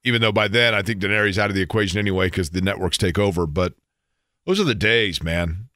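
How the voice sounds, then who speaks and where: A man's voice: low voice, fast, pushed and bright, no room sound, clean studio sound. A middle-aged man hosting a sports talk radio show, rambling playfully and poking fun at himself. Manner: rambling, playful, self-mocking.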